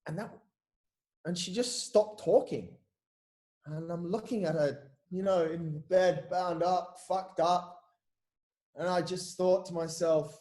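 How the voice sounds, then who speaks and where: A man's voice: on the high side, a little slow, warm tone. A man telling his story as a podcast guest, casual and candid, often saying "mate", repeating words and swearing freely.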